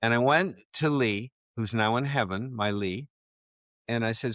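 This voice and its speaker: A man in his seventies, a guest author telling a personal story in an interview, animated and acting out the voices of people he quotes. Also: medium pitch, a little slow, no room sound. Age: 70s.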